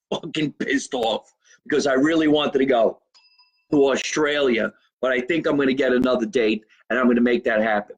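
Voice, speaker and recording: A man's voice: medium pitch, husky, rough recording. A male comedian, hosting his own live show from a home basement, rambling brashly, swearing and greeting viewers by name. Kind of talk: loose livestream chat to viewers.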